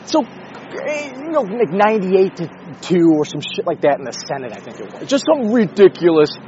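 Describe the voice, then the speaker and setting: A high-pitched man with a dark tone speaks in a sing-song way at normal speed, the audio missing its highs and carrying a little hiss or hum. This vlogger swears and rambles through a casual monologue on a neighborhood street while walking his dog, joking about himself and talking to it.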